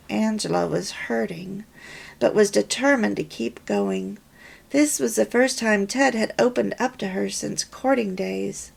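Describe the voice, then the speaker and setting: A woman reading a story aloud in a deliberate, measured way. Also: mid-range voice, gravelly, darkish tone, breathy edge. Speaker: reader of a homemaking course.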